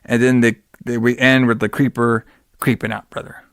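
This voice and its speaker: A man chats loosely on a podcast, recapping a horror movie in slangy, rambling talk. His voice sits at an ordinary middle pitch. The sound is dry and close to the mic. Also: level tone, normal speed, clean tone, no echo. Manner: rambling, slangy, acts out quotes in exaggerated voices. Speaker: podcast host. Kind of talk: casual movie recap chat.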